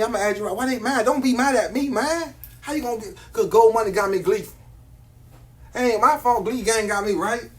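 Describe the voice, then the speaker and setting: A man, selling jewelry on a phone live stream, boastful and slangy, repeating his hype lines. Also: high-pitched.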